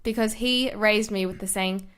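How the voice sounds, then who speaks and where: A woman's voice: medium pitch, steady tone, moderate pace, fairly bright tone, clear, resonant tone. A woman, co-hosting a podcast in casual chat, teasing and laughing often. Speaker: podcast co-host.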